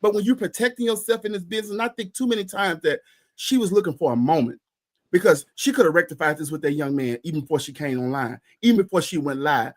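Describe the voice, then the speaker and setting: A man co-hosting a podcast in casual chat, ranting heatedly and profanely with emphatic repetition. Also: high voice. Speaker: podcast co-host.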